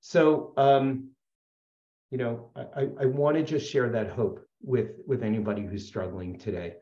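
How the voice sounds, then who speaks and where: A man's voice: medium pitch, steady tone, unhurried, warm tone, reverberant, lo-fi sound. A man sharing his story at a support meeting, earnest and rambling, with many fillers and restarts. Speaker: speaker sharing at a recovery meeting. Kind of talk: personal share at a support meeting.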